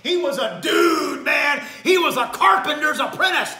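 A male evangelist preaching a fiery sermon, shouting at times and dropping to a hush at others. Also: extremely high pitch, normal speed, echoey room. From United States. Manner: fiery, shouting and swinging from loud to hushed.

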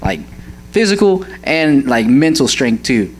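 A young man offers an earnest, heartfelt church testimony about his mother, often searching for words and laughing as he goes. His mid-range voice swings widely in pitch and moves a little slowly. The rough recording carries slight background noise.

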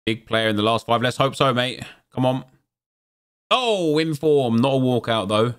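A man hosting a gaming channel, chatting casually and breaking into excited exclamations as he comments on opening game packs. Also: medium pitch, brisk, clean tone.

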